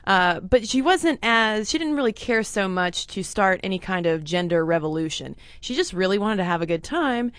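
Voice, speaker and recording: A woman's voice: mid-range voice, lively intonation, normal speed, hardly any pauses, smooth, no echo. A woman co-hosting a casual history podcast, laughing easily and thinking aloud with fillers. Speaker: podcast co-host.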